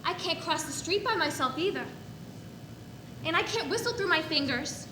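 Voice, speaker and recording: An actress playing a frustrated little girl telling a story in a stage monologue, rising to shouting and crying. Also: extremely high pitch, lively intonation, normal speed. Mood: storytelling. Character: small girl, frustrated and put-upon. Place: echoey theater stage. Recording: echoey stage recording with background noise.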